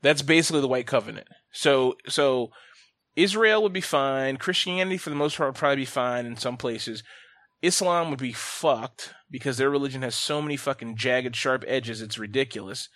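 Profane ranting man, dry close sound. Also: no room sound. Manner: animated, with quick swings in pitch and loudness. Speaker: podcast host. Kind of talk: casual podcast chat.

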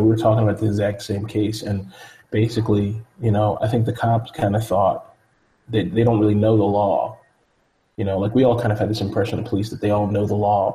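A man talks through a story in loose, casual chat. His voice sits a bit low and sounds mellow and relaxed. He rambles, fills gaps with "like" and "you know", and acts out the people he quotes. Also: poor audio.

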